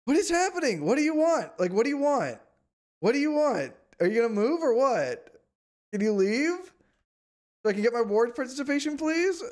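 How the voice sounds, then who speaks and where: A man streaming a strategy game, complaining in exasperated, whiny outbursts and sometimes shouting at the screen. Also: extremely high pitch, sing-song, normal speed. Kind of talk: live gameplay commentary.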